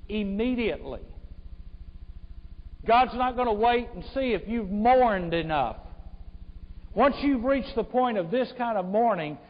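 A male pastor preaching a sermon to a congregation, swinging from loud emphatic lines to hushed tones. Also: sits high, lively intonation, moderate pace. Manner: speaks to a congregation, addressing them as folks. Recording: muffled church recording with long hall reverb.

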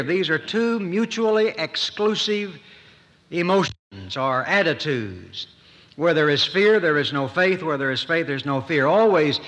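A man preaching a sermon in a folksy manner, with dramatic pauses and rising emphasis. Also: a little high, fairly bright tone. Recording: echoey hall.

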